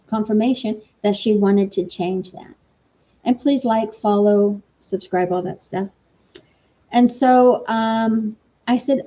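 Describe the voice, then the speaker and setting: Chatty woman with a mellow voice. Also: medium pitch. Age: middle-aged. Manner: chatty storytelling, acts out quoted dialogue. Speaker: life coach and energy healer. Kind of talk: casual talk stream.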